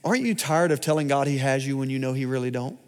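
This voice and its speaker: A man giving a personal sermon testimony in church, storytelling with big swings between loud and hushed delivery. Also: medium pitch, flat delivery, fast. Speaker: pastor.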